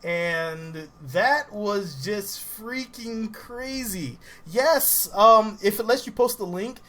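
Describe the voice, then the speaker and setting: A man's voice: high-pitched, slow pace, a bit bright. A man from the Southern US giving casual livestream commentary while he plays a game, laughing often and greeting viewers in chat.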